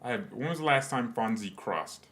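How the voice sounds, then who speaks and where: This American fan channel host runs a live watchalong, speaking at a moderate pace in a bright, mid-range voice with lively intonation. Commentary on the match mixes with jokey, wandering banter.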